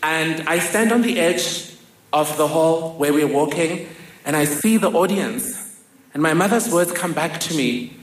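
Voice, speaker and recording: A woman's voice: deep voice, lively intonation, measured pace. A woman from Africa, telling a personal story on stage with wry, dry humor. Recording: roomy hall with faint noise.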